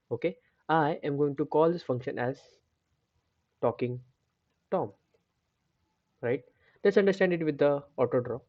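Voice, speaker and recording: On a screen-share coding tutorial, a man walks through things step by step, often restarting and checking in with "right?" The tutor's voice has a fairly high pitch, with no room sound and the highs cut off.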